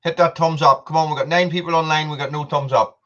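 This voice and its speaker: A British livestream host speaks quickly in a fairly high, bright and forceful voice with fairly even intonation. Chatty and eating popcorn, he reads out the names of his viewers, over dull lo-fi audio.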